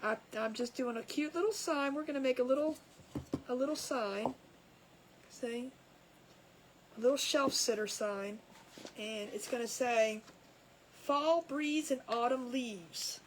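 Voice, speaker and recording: A high-voiced woman chats away while she works on a craft project, cracking herself up as she goes. Her talk is loose and rambling, and there is a faint hiss of background noise around her voice. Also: unhurried, pauses often, poor audio. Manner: chatty, laughs at her own jokes. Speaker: crafting livestream host. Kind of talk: casual chat while crafting. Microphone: camera over a crafting table.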